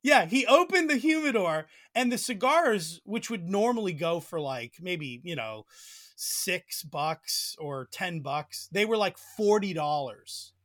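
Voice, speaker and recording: A man's voice: high-pitched, expressive, measured pace, fairly bright tone. A man from Pennsylvania, a Bible teacher, guesting on a podcast and talking in a chatty, hesitant way with many fillers. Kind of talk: casual interview chat.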